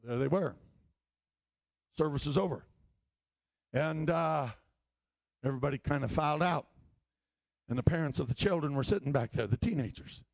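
A man preaching a sermon, telling stories and rising into shouted appeals. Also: fairly high pitch, moderate pace, vocal fry, pauses often, no room sound. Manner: storytelling preaching that climbs into shouting.

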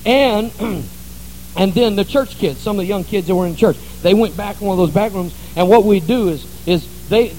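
A man's voice: sits high, expressive, brisk, darkish tone, a little hiss or hum, rough recording. A man pastor preaching a sermon in a church, telling stories in a folksy, conversational way. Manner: folksy storytelling.

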